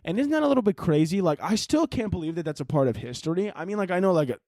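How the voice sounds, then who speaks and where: A young man hosting his own podcast, rambling through a profane, jokey rant that breaks into sudden yells. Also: high-pitched, animated, very fast, no room sound, clean studio sound. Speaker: podcast host. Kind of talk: casual comedic rant.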